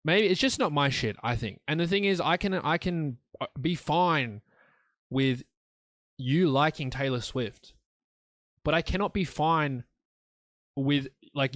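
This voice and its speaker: A man's voice: medium pitch, no echo, studio quality. A young man hosting a solo podcast, talking in a blunt, profane, rambling way. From Australia. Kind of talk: rambling casual monologue.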